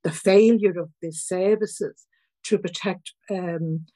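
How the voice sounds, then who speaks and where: An older woman from Liverpool with a Scouse accent, an activist answering an interview in a heartfelt, halting way and fighting back tears. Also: fairly low pitch, fairly even intonation, warm tone, no room sound, low-quality recording. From Liverpool, England. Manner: heartfelt, halting, many restarts. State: near tears. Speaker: activist guest.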